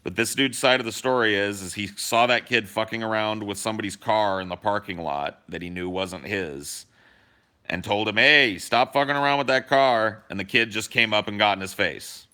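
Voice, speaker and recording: A young man with a strikingly bright, forceful voice, chatting on a podcast. He tells stories with animated energy, swears casually and jumps into other people's voices for quotes. His voice sits a little lower than most men's. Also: normal speed. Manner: animated storyteller, swears freely, acts out quotes. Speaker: podcast co-host.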